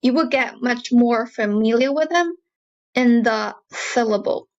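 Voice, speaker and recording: A woman teaching Mandarin pronunciation with a Mandarin Chinese accent, saying each syllable slowly and repeating it for learners. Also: a little high, highs cut off. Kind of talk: slow pronunciation drill lesson.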